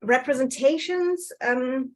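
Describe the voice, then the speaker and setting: A woman's voice: sits high, slow. Hesitant woman giving an online lecture. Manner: hesitant, many ums and self-corrections. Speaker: guest speaker presenting research. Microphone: video call.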